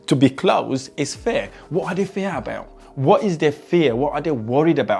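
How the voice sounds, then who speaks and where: A man coaching on sales, speeding up and slowing right down as he demonstrates his tone. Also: a little high. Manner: varies pace and tone widely to demonstrate. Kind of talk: motivational teaching video.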